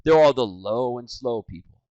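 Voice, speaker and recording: A man in his forties teaching sales, energetic and animated, swinging from loud and hyped to low and quiet. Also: moderate pace, no room sound. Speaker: sales trainer. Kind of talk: energetic training talk. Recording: dry, slightly dull lo-fi sound.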